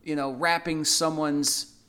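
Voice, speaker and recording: A Bible study co-host with a fairly high, level voice speaks a little slowly, his tone pushed, bright, clear and resonant. He teaches earnestly and conversationally, often repeating phrases and acting out everyday quotes.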